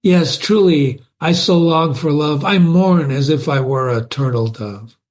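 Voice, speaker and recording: A man voicing a lovesick young male suitor who gushes and pleads in florid love talk, raising his voice a little higher than his narration. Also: a little slow, darkish tone, close to an everyday voice. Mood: pleading.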